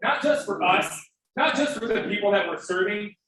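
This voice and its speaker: A man's voice: sits high, lively intonation, normal speed, fairly bright tone. A man giving a fervent, emphatic fundraising appeal to an audience at a live event. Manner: fervent, emphatic, breaks into emotion. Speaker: fundraiser speaker. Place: event hall. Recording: very echoey hall, distant, faint noise.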